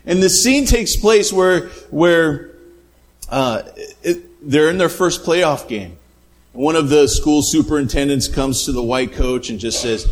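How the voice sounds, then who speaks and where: Male pastor, sermon delivery, animated storyteller, slightly high-pitched. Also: unhurried. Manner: animated storytelling with quoted voices.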